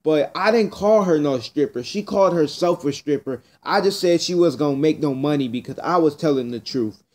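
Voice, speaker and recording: A man's voice: a little high, fairly quick, darkish tone. A teenage boy telling a rambling, blunt story to camera in casual speech, repeating himself as he goes. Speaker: vlogger.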